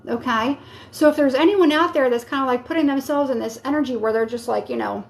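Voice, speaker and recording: A woman with a high voice gives a live tarot reading. She talks casually and rambles a little, warmly urging her listeners on. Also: fast talker, gravelly. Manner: casual, encouraging, rambling with many fillers. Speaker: tarot reader.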